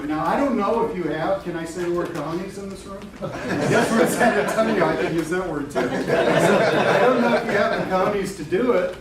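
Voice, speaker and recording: A middle-aged man giving a live webinar talk to a room of people, candid and joking, swearing and laughing often. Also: high voice. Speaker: webinar presenter. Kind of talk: casual live talk to an audience. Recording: echoey room from a distance with background noise.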